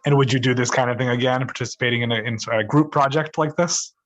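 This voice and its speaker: A man's voice: medium pitch, fast talker, a bit bright. A man interviewing a film director, chatty and friendly as he asks questions.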